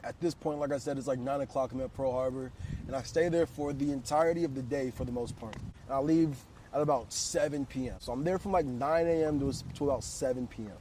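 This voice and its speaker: A man's voice: medium pitch, fairly quick, warm tone, far from the mic, slight background noise. A man in his twenties telling a story from his own life in a casual, slangy way, swearing freely. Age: 20s.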